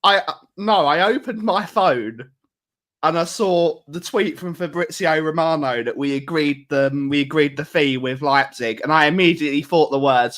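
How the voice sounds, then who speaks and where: A man joining a live fan stream as a guest, chatting casually, animated and swearing freely. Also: on the high side, moderate pace. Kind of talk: casual chat.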